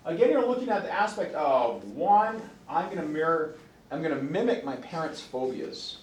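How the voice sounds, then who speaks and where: A man giving a psychology lecture to a class, lively and expressive, often acting out voices of children and parents. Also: a little high, normal speed, slight background noise. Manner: animated, acts out quoted voices. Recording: echoey classroom from a distance.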